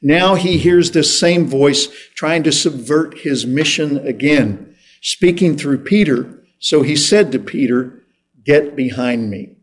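A man preaching a sermon in a slow, deliberate way, pausing for emphasis. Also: a little high, husky. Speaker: pastor.

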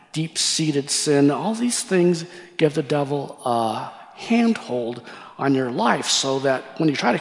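A male pastor preaches in a storytelling style. His voice sits somewhat high for a man, and he acts out the voices of the people in his story. A long reverb trails each phrase, as in a large church sanctuary. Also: vocal fry. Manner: animated storyteller, acting out quoted voices. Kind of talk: sermon storytelling.

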